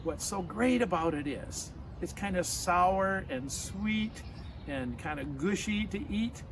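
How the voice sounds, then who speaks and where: A man's voice: high voice, lively intonation, slow, background noise. A man telling a friendly story outdoors in a backyard and leading a clap-along for listeners. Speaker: storyteller and folk musician. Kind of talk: storytelling to children.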